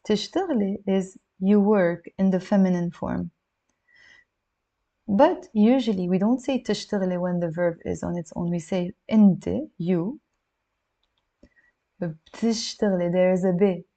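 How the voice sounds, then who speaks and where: A woman teaching a language lesson, patiently breaking phrases down and repeating them slowly. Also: mid-range voice, warm tone.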